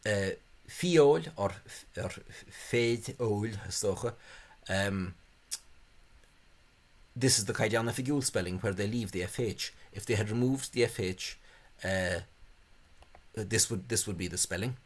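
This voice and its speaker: A man's voice: fairly low pitch, unhurried. Hesitant man lecturing. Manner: hesitant, many fillers, scornful asides. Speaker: language video host. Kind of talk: spoken lecture on spelling reform.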